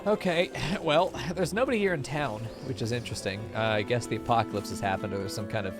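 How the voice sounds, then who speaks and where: A man's voice: mid-range voice, quick pace. Profane joking male game streamer. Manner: profane, joking, talks to chat. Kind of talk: casual live-stream chatter. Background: game music.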